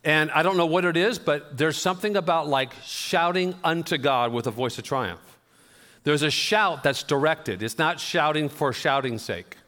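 A pastor preaching a sermon, telling conversational, self-deprecating stories. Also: male voice, a little high, normal speed, pushed and bright. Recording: long reverb of a church hall.

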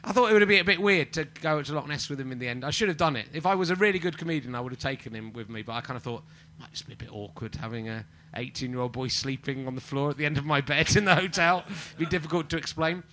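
A man in his forties hosting a live comedy podcast, rambling and self-mocking, prone to sudden shouting. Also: on the high side, fast, few pauses, slight background noise. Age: 40s. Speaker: podcast host. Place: live venue with audience.

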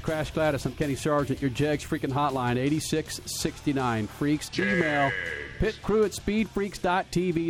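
A man hosting a motorsport radio show, introducing guests in an upbeat announcing manner. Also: a little high. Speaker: radio host.

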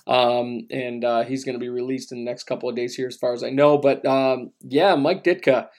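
A man's voice: medium pitch, steady tone, normal speed, a little mellow. A man co-hosting a casual sports podcast, talking in a laid-back, rambling way with lots of fillers and restarts. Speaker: podcast co-host.

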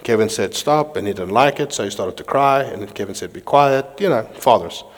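A man preaching a sermon, reading scripture aloud with animated delivery while pacing. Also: on the low side, quick pace. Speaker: pastor. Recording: long hall reverb.

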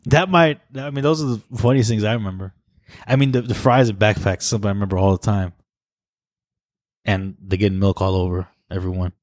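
A young man with a mid-range voice, recorded close and dry, on a casual podcast. He talks in a relaxed, unhurried way, pausing on "uh" as he thinks back. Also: lowish voice, dry recording. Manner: relaxed, reflective storyteller with fillers. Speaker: podcast co-host. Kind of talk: casual chat.

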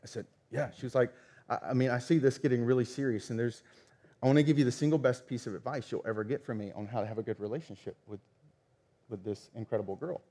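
A man in his thirties preaching a sermon, telling stories with lively acted-out dialogue. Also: mid-range voice, fast talker. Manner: animated storytelling, acts out quoted dialogue. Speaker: pastor.

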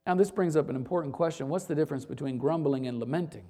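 A man's voice: a little high, animated, fairly quick, hardly any pauses, dark tone. A male pastor preaching a sermon to his church, emphatic and repeating phrases for effect.

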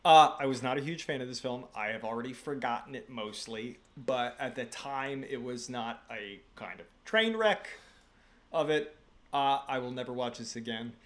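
A man from the United States hosting a casual movie review podcast, talking in animated, rambling bursts with frequent restarts. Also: mid-range voice, moderate pace. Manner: animated, rambling, self-correcting. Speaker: podcast host.

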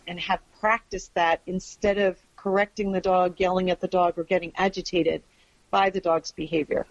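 A woman's voice: lowish voice, flat delivery, normal speed. A woman speaking as a guest expert in a podcast interview, explaining earnestly and emphatically and often checking that the listener follows. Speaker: guest expert on dogs and families. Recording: dull lo-fi audio.

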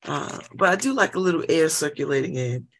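Chatty woman with a lively, lowish voice. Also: a little fast, creaky. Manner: chatty, laughs often, animated asides. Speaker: vlogger. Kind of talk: casual monologue. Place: at home by an open window.

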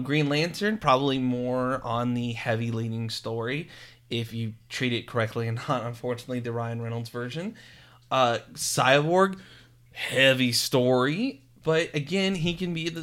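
A man co-hosting a casual film discussion, animated and fond of retelling scenes in quoted voices. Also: fairly high pitch. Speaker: podcast co-host.

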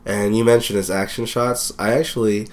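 A man's voice: on the low side, fairly even intonation, normal speed. A young man co-hosting a casual podcast, laid-back and plain-spoken. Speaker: podcast co-host.

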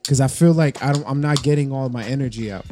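A man's voice: medium pitch, quick pace. A man co-hosting a podcast, joking around in profane casual banter and often restarting his sentences. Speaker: podcast co-host.

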